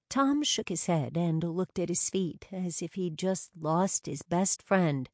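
Brief: woman audiobook narrator, unhurried, close dry sound. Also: fairly low pitch, a little mellow, no echo. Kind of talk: scripted narration.

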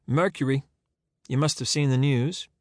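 A man's voice: mid-range voice, normal speed, no echo, clean studio sound, voice pushed up, close to an everyday voice. A man voicing a patient, persistent woman investigator who keeps probing with questions.

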